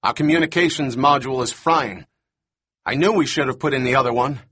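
A male narrator voicing a nervous mechanic who talks fast and fretfully in a slightly raised voice. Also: medium pitch, a bit bright, slightly rough. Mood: worried. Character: nervous male mechanic, rattled and quick-talking.

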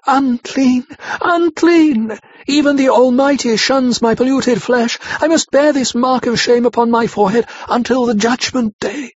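A man voicing a gentle, brave young woman who speaks in an earnest, measured way, on a slightly muffled dry recording. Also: on the high side, slightly rough, no echo. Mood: anguished wailing.

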